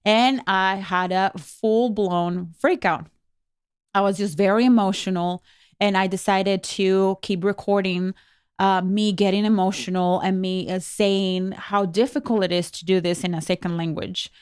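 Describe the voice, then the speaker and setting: A woman whose first language is Spanish talks through her podcast findings in an earnest, candid way, often restarting her sentences. Her voice is smooth and clear, at a middle pitch. The sound is dry and close, with no room echo. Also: fairly even intonation, measured pace. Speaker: podcast co-host. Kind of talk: casual podcast chat.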